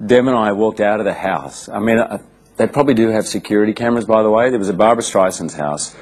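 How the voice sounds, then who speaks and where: A man, telling animated stories in a casual interview with frequent restarts. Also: lowish voice, poor audio. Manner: animated storyteller, quick restarts. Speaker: interviewed actor.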